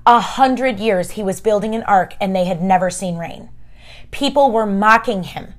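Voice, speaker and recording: A woman's voice: mid-range voice, moderate pace. A woman hosting a casual, encouraging faith talk, chatty and emphatic, speaking straight to her listeners as friends. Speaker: podcast host.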